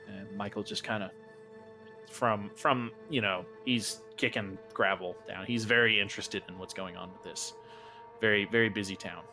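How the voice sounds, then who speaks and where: A man narrating as game master in a relaxed, rambling way with many fillers. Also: lowish voice, moderate pace, soft background music.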